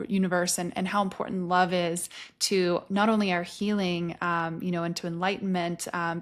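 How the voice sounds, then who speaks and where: Brief: woman host, a bit low-voiced, loose conversational delivery with frequent fillers. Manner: rambling, full of "um" and "you know". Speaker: podcast host. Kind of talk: casual interview chat.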